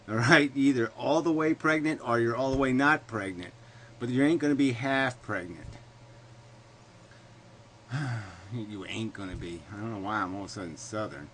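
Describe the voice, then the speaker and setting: A man ranting alone to camera in a combative, profane way, hammering his points with sarcastic rhetorical questions. His voice sits at an ordinary middle pitch. A faint hum of room noise lingers behind him. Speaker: video blogger. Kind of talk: solo ranting monologue.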